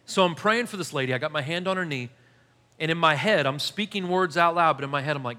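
A male pastor in his thirties preaching a sermon, telling a story with animated, self-deprecating humor. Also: fairly high pitch, brisk. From United States. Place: church hall. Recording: long hall reverb.

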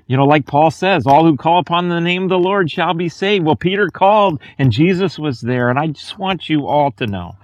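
A man's voice: a little high, no room sound. A man preaching a sermon as a pastor, earnest and conversational, lifting his voice on key words.

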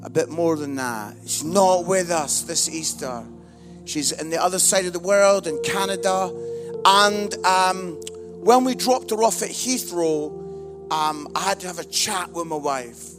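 A middle-aged man, telling a funny family story as a sermon, moving from hushed lines to shouted ones. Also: high-pitched, a little slow, music in the background. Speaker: preacher.

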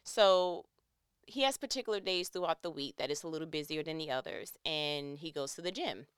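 A young adult woman in casual chat, animated and teary as she tells personal stories and acts out quoted lines. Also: sits low, fairly quick, clean tone, dry recording, clean studio sound. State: tearing up.

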